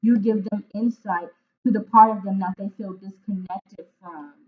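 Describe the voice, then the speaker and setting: A woman's voice: mid-range voice, steady tone, moderate pace. A woman giving a spoken tarot reading, earnest and emotional, often searching for words and tagging lines with "right?" and "like". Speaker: intuitive tarot reader. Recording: phone-like narrow sound.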